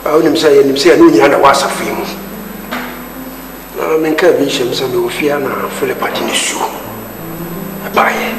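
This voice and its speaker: A man's voice: medium pitch, recorded from a distance, close to an everyday voice. An actor with a Ghanaian accent playing an agitated man in a church and family dispute, pleading and arguing, mixing English into his speech. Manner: pleading then heated, mixes English into speech. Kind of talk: film drama acting. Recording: echoey room with music underneath.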